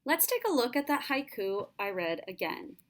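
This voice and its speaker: A woman teacher giving a patient, clear lesson to students. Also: a little high, big pitch swings, normal speed, a bit bright. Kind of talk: classroom lesson narration.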